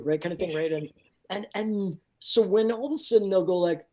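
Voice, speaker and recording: A man's voice: high-pitched, a little fast, darkish tone. Man, from Canada, voice actor guest, rambling, enthusiastic, casual interview, faint background noise. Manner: rambling and enthusiastic, full of fillers and impressions.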